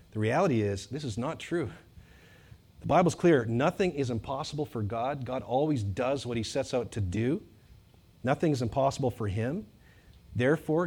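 A male pastor preaching a sermon to a congregation, animated and emphatic, building to loud bursts and dropping to quiet, joking asides. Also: medium pitch, slightly rough. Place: church hall with congregation.

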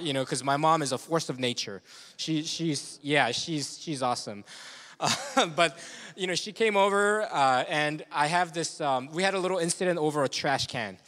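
A man's voice: fairly high pitch, bright, forceful tone. A man preaching as a pastor in a candid, conversational sermon, confessional and chuckling often. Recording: long reverb of a large hall.

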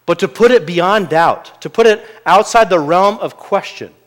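A preacher delivering a sermon from the pulpit, his voice pitched somewhat higher than most men's. He is earnest throughout, dropping to quiet, confiding asides and then climbing to loud, emphatic peaks. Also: normal speed.

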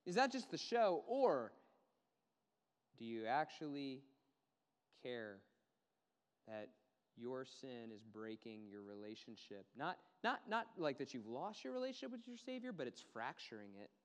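A man preaching a sermon, earnest and emphatic, repeating words and dropping low and quiet to stress a point. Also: very animated, unhurried, clean tone. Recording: long hall reverb.

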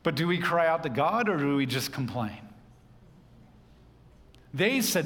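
A man's voice: on the high side, expressive, a little slow, long pauses, a bit bright, big-room sound. A man preaching a sermon, teaching through a Bible passage in a conversational way with humorous asides.

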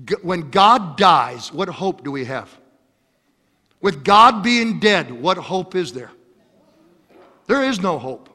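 High-voiced preacher, slow and impassioned. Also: male voice, sing-song, long reverb tail. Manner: impassioned, repeats phrases, swings from loud exhortation to hushed storytelling. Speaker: pastor. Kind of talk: sermon. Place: church.

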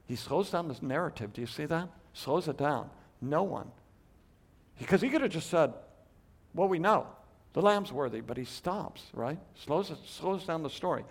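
Bible teacher, a man with a slightly high voice, emphatic, swings from loud stresses to hushed asides, rhetorical questions. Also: animated. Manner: thinks aloud with quick restarts and rhetorical questions. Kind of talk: Bible study lecture.

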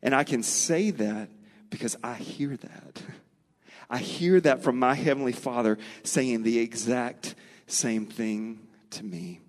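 A middle-aged man preaching a sermon, earnest and storytelling, slowing and speeding up for emphasis. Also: medium pitch. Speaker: pastor. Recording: long reverb of a large hall.

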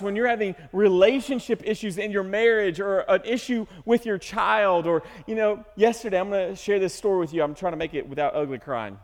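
A fairly high-pitched man preaching with earnest emotion, his voice climbing into pleading cries. Long reverb trails behind him, like a large sanctuary. He sounds like a pastor sharing his heart with a congregation. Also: a little fast, hardly any pauses. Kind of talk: sermon.

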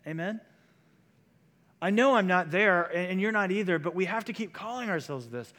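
A man's voice: sits high, lively intonation, fairly quick, fairly bright tone. A man preaching a sermon as pastor, in a conversational style that moves into quoted voices. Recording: long hall reverb.

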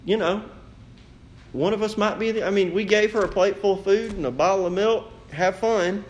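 A man preaching a sermon as pastor, with animated rhetorical questions. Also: high voice, moderate pace.

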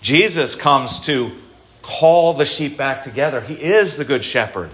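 A male pastor giving an Easter sermon, preaching in a deliberate, emphatic way and lifting his voice for stress. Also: mid-range voice, animated, a bit bright.

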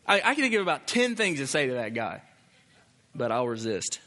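A man's voice: high-pitched, sing-song, moderate pace, bright, forceful tone, in a large hall. A male pastor preaching a sermon in an emphatic, conversational way. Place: church.

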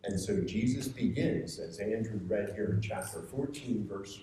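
Mellow-voiced man preaching in an echoey room. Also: lowish voice, normal speed, a little hiss or hum. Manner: earnest, rising to emphatic urging. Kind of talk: conversational sermon. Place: meeting room with a seated group. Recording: echoey room, picked up from far off.

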